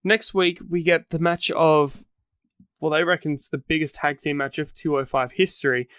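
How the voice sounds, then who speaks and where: Higher-voiced Australian guy, dry sound. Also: fairly even intonation, moderate pace, fairly bright tone, smooth, no echo. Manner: rambling, corrects himself mid-sentence. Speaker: podcast co-host. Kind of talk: casual wrestling recap chat.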